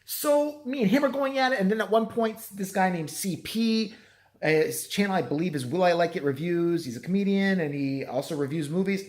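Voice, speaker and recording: A man vlogging a rambling, profane apology at home, his voice strained from yelling. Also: high-pitched, brisk. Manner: profane, rambling, self-deprecating.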